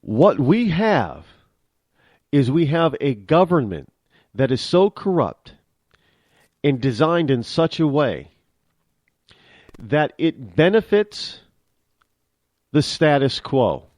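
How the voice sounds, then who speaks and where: A man's voice: fairly high pitch, big pitch swings, slow, long pauses, a little mellow, no echo, clean studio sound. A man hosting a talk show, delivering an opinionated monologue with emphatic restarts and repeated words.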